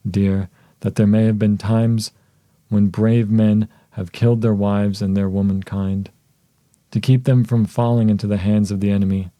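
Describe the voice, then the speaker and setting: In an audiobook, a man with a very mellow, low voice plays a devoted young wife, speaking softly and in a measured way with light acting. There's no room sound.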